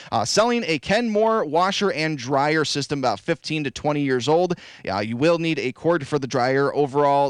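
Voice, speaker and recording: A man hosting a local radio call-in show, friendly, repeating phone numbers slowly. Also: mid-range voice, clear, resonant tone, no room sound. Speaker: radio host. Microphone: studio microphone.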